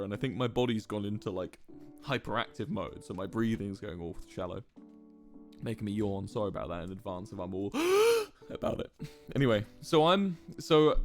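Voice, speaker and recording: A young man streaming, telling a story to his chat in a casual, animated way, swearing freely and acting out what people said. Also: medium pitch. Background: faint music.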